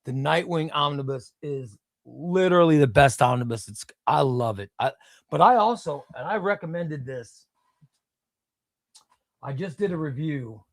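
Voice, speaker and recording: In a home room lined with comic shelves, a man hosts a casual comics livestream, rambling, repeating words and answering chat. His voice is fairly high, animated and gravelly, and he takes his time. The studio-quality recording has no room sound.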